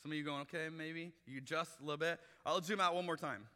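A man preaches to his church with a bright, forceful voice and a slightly high pitch. He talks in a lively, conversational way. The sound rings with the long reverb of a large hall. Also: fast. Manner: animated, conversational preaching with acted-out quotes. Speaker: pastor. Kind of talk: sermon.

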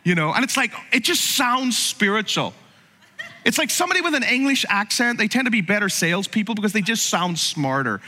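Male pastor, sermon, high animated voice, bright husky tone, conversational with jokes, reverberant hall. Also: fairly quick. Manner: conversational, humorous preaching with asides to the congregation.

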